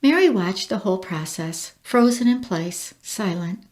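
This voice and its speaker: A woman reading a storybook aloud as narrator, measured and expressive. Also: medium pitch.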